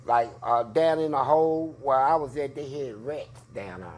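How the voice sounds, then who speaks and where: A man in an interview telling prison stories in a loud, profane way, acting out voices. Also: moderate pace. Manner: profane, acts out voices with big pitch jumps. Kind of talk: animated storytelling.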